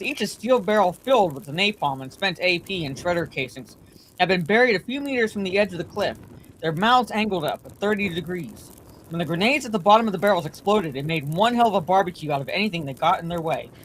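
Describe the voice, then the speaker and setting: A woman reading a bedtime story aloud in a steady, plain way, her voice slightly congested from allergies. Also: fairly low pitch, brisk, a little hiss or hum, rough recording.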